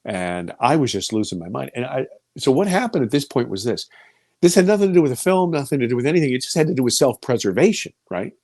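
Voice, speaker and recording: An animated man in his fifties recounts his story as an interview guest, his voice swinging widely and leaping up for quoted lines. He sinks low and quiet at the frightening parts. The recording is close and dry, with no room sound. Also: quick pace, no echo. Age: 50s. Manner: animated, voice rising high for quoted speech and dropping low and quiet for fear.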